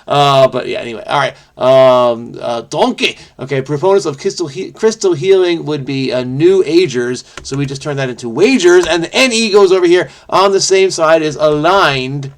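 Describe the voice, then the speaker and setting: A man thinking aloud as he solves a crossword, muttering to himself with many fillers and self-corrections, quick bursts between slower musing. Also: fairly high pitch, lively intonation. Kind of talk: thinking aloud while solving.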